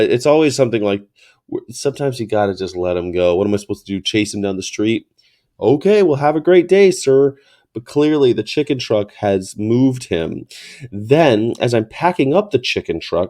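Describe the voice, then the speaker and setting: A man telling a story in a ranting vlog monologue, mocking and sarcastic, with plenty of swearing. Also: lowish voice. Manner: animated storyteller. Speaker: activist vlogger.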